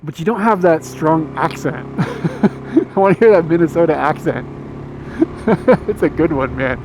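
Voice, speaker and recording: A man's voice: on the high side, unhurried, noisy background. An American man in his thirties, hosting a livestream from a moving car, chatting casually with his viewers in a rambling, laid-back way. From United States. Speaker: livestream host. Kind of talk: casual chat with stream viewers. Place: inside a moving car on a road.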